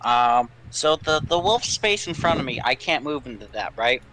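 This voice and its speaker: A man's voice: mid-range voice, expressive, normal speed, bright, forceful tone, low-quality recording. A man playing a tabletop role-playing game, explaining his moves with many fillers. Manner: hesitant, filler-heavy. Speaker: player. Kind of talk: casual tabletop play.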